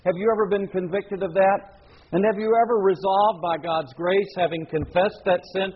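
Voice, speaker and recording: Guy preaching a sermon, earnest and emphatic, kinda husky voice, muffled old recording. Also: high voice, steady tone, moderate pace. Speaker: pastor.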